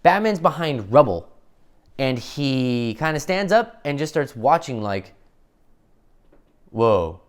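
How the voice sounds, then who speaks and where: Animated, profane man ranting about a film. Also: fairly high pitch, clear, resonant tone. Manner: profane, acts out characters in quick impressions; exasperated ranting. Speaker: film reviewer. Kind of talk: casual spoilery film review.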